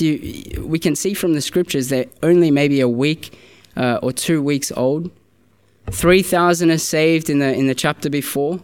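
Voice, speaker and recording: A man's voice: a little high, clean tone. A man preaching a sermon in a church, earnest and conversational, often restarting his sentences. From Australia.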